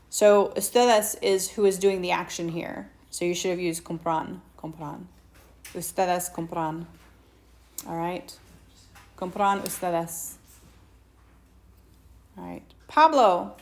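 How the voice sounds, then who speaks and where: A woman teacher, slowly and patiently walking students through a Spanish lesson and asking them questions. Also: medium pitch. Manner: slow patient explaining, asks students questions. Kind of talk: recorded whiteboard lesson. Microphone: tablet mic.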